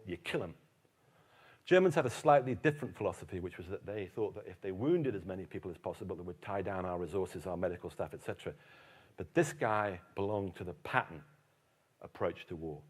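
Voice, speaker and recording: A man giving a lively public lecture on history, telling stories emphatically. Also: low voice, breathy edge. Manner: animated storyteller, emphatic. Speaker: keynote speaker, historian.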